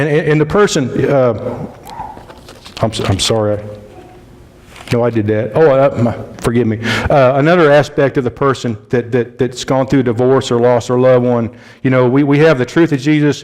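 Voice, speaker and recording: A man's voice: medium pitch, a little mellow. Rambling, folksy Indianapolis preacher man. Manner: conversational, rambling, frequent restarts and "you know". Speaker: lay preacher. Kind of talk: sermon.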